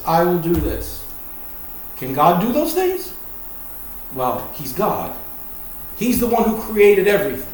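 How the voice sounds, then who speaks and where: Preaching a Bible lesson in a folksy, emphatic style, this Virginia-accented man keeps circling back to his key points. His voice is on the high side. Recorded in a very echoey room with a distant mic and slight background noise.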